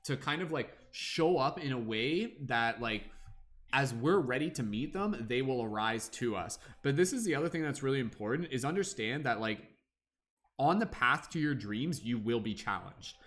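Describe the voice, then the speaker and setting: A man's voice: mid-range voice, animated, moderate pace, fairly bright tone. A man giving a casual spiritual talk on a livestream as a tarot reader, rambling with lots of fillers and acting out little voices.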